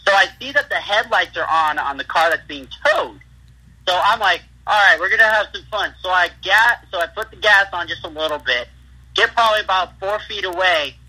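Bright, husky wrestler on a phone line. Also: male voice, high-pitched, animated, moderate pace. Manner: rambling, laughs through his stories. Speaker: pro wrestler, interview guest. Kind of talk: casual interview talk.

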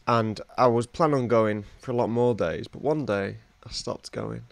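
A man's voice: mid-range voice, normal speed, gravelly, no room sound. A man co-hosting a podcast, telling rambling, wry anecdotes in casual banter. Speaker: podcast co-host.

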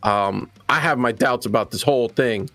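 A man's voice: mid-range voice, normal speed, a bit bright, no echo, close to an everyday voice. A man doing a sour scarred scavenger woman. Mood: doubtful. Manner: grumbling, doubtful. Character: gruff scarred female junk scavenger, sourpuss.

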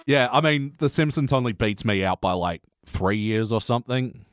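A man's voice: medium pitch, expressive, moderate pace. A man in his thirties hosting a podcast in casual chat, laughing often and swearing freely. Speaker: podcast host.

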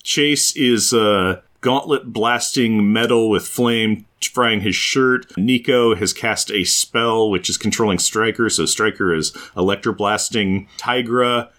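A man co-hosting a podcast, recapping comic scenes in a casual, animated way. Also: on the low side, slow, hardly any pauses. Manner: animated storytelling, acts out characters in silly voices. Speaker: podcast co-host. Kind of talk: casual chat.

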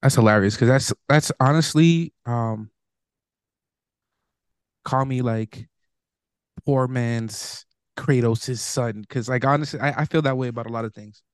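A man's voice: mid-range voice, unhurried, pauses often, smooth, no room sound, clean studio sound. A man co-hosting a podcast in casual chat, hesitant, with lots of ums and trailing-off thoughts. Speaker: podcast co-host.

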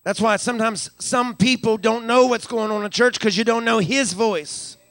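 A very high-pitched man's voice, fairly bright and at normal speed, carries a live church sermon from the sanctuary. As pastor, he repeats words in a stammer while building up and calls out hallelujah, in a Western Pennsylvania accent. The recording is dry.

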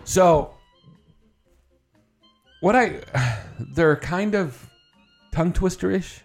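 A man's voice: fairly high pitch, lively intonation, extremely slow, creaky. Man, morning radio host, rambling and playful, faint music under the voice. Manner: rambling, self-interrupting, playful. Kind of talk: casual radio banter. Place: radio studio.

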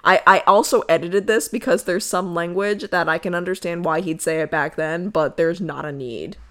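Woman from connecticut, slightly low voice, cussing and cracking jokes while she reads a dark history story on a podcast. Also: moderate pace. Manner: profane, laughing, jokey asides while reading quotes.

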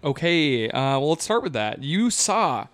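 A man hosting a casual podcast, an animated storyteller leading the topics. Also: a little high, a little slow. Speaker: podcast host. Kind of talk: casual chat.

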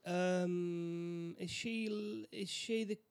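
A man's voice: high-pitched, steady tone, very slow, vocal fry, clean tone. A man in casual chat as a co-host, giving short reactions and asking questions about the plot.

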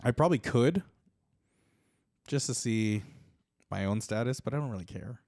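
A man's voice: mid-range voice, lively intonation, moderate pace, darkish tone, no room sound, clean studio sound. A young man co-hosting a casual podcast chat, laid-back and sweary with sarcastic asides. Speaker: podcast co-host.

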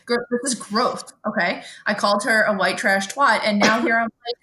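A woman's voice: fairly high pitch, moderate pace, sharp tone. A woman, co-hosting a podcast in casual chat, telling stories animatedly and swearing freely. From Brooklyn, New York. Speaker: podcast co-host.

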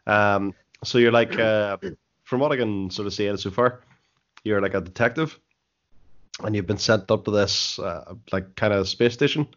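A man's voice: fairly low pitch, moderate pace, a bit bright. A man on a casual gaming podcast who rambles hesitantly through his explanations, with many fillers. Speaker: podcast co-host. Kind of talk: casual chat. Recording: dull lo-fi recording.

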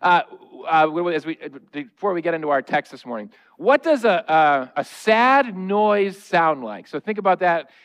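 A man's voice: fairly high pitch, lively intonation, normal speed, hardly any pauses, fairly bright tone, clear, resonant tone. A man in his thirties, a pastor, preaching a conversational, humorous sermon in a church. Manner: humorous, conversational, acting out noises and quotes. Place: church sanctuary.

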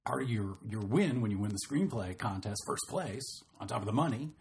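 A man's voice: on the low side, brisk, gravelly, slight background noise. A man who writes comedy telling a long story in casual chat, acting out the people in it. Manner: animated, acts out the people in his story.

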